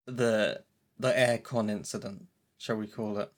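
A woman's voice: a bass voice, fairly even intonation, unhurried. Rambling woman podcast co-host. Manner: rambling, self-mocking, prone to tangents. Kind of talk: casual chat.

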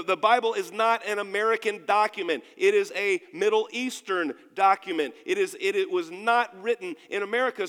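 A man preaches a sermon, asking his congregation question after question with emphatic force. His voice sits high for a man. It rings out with the long reverb of a church hall. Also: fairly bright tone. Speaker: pastor. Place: church sanctuary.

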